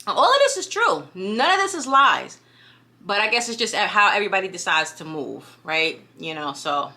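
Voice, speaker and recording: A young woman with a clear New York accent talks casually to her camera, chatty and animated. Her voice is bright and forward, and she keeps checking in with "you know what I mean?". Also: mid-range voice, normal speed. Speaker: vlogger.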